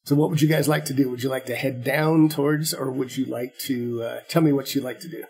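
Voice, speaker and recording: A man narrating as game master of a tabletop game, halting and repeating words as he goes. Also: medium pitch, fairly even intonation, darkish tone, slightly rough.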